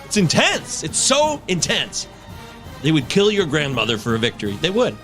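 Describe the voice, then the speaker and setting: A man in his thirties hosts a casual sports podcast, swearing freely and getting fired up. His voice is bright and a little high, with a lively, swooping pitch. Faint music sits behind him. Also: normal speed. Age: 30s. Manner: animated, swearing, breaks into shouts and chants. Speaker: podcast host.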